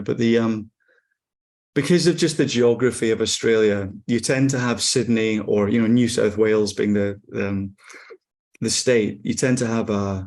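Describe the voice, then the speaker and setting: A Scottish actor in his forties, chatting in an interview in a relaxed, wry way with frequent ums and restarts. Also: medium pitch. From Scotland. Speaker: actor guest. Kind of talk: casual interview chat.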